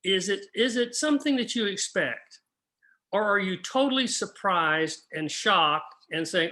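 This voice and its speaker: A man's voice: sits high, animated, measured pace, sharp tone. An older man teaching a Bible class in an earnest, practical way, often asking his listeners questions.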